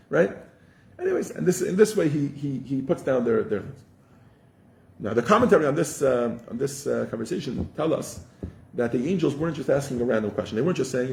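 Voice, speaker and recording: A man's voice: mid-range voice, a little fast, creaky. A man giving a casual religious class, telling stories with lots of restarts. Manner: animated storyteller, frequent restarts. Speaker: teacher. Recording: roomy echo.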